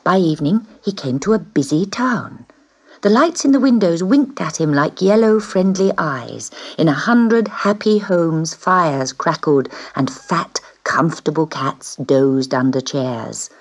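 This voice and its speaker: A woman reading a children's storybook aloud in an expressive way, dipping into whispers on key words. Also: low voice, a little slow, breathy edge.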